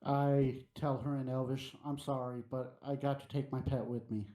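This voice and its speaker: Mellow-voiced male player, echoey room. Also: mid-range voice, level tone, normal speed. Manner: declares character actions. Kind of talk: casual tabletop play.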